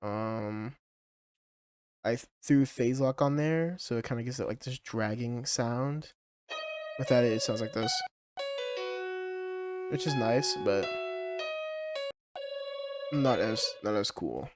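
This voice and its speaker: A male music producer casually talking through a song project, hesitant and full of fillers, with his track playing clearly underneath. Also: mid-range voice, takes it slowly, pauses often. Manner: hesitant, full of ums and likes.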